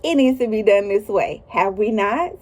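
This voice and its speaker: A woman's voice: mid-range voice, moderate pace. A woman hosting a casual Bible study, reading scripture and adding folksy, emphatic comments. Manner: conversational, folksy asides and emphatic repetition; reads scripture aloud then comments.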